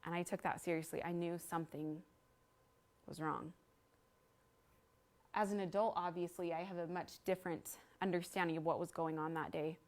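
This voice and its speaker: A woman's voice: fairly low pitch, steady tone, normal speed, long pauses, a little mellow. A woman in her thirties giving an earnest talk to a live audience, telling a story and guiding them through an exercise. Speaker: speaker at a library event.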